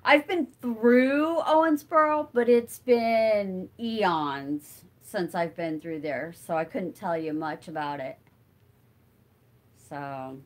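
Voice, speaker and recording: Middle-aged lady rambling thru a live craft stream, kinda high voice, takes her time. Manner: chatty and rambling, thinks aloud with many fillers. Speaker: livestream host. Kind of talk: casual live chat answering viewer comments while crafting.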